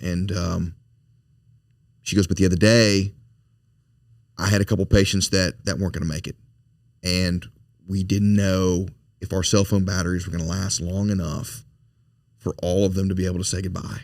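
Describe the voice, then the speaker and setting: Low-voiced male interview guest: earnest storyteller, repeats words, dry close sound. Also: level tone, normal speed, no echo. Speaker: foundation president, podcast guest.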